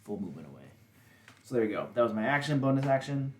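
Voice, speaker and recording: A tabletop game player, lively and teasing while taking turns. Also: mid-range voice, quick pace, a little hiss or hum. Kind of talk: tabletop game play over a call.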